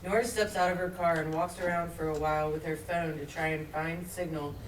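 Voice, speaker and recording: A woman reading stage directions aloud in a plain, even way during a play reading, recorded from across a theatre. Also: low voice, fairly quick, slight background noise. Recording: roomy theatre, mic far off.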